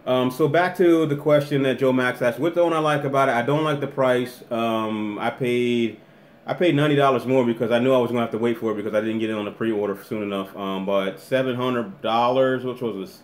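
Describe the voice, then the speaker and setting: A man's voice: medium pitch, steady tone, a little fast. A man chats loosely through a live stream at home, trailing off and circling back as he answers questions from the chat. His voice sits in a mid range and bounces around a bare, echoey room. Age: adult with a daughter. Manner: rambling, restarts often, reads chat aloud. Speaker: vlogger hosting a live Q&A.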